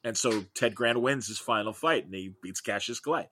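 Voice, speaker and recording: Bright, eager middle-aged man storyteller. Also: fairly low pitch, moderate pace, husky. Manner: enthusiastic, rambling storyteller. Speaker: guest, comics podcaster. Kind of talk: casual interview chat.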